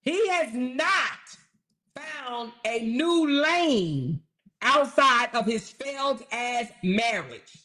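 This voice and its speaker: A woman's voice: on the high side, expressive, very slow, fairly bright tone. A woman hosting a commentary livestream, talking in a blunt, sarcastic, profane way. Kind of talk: casual commentary.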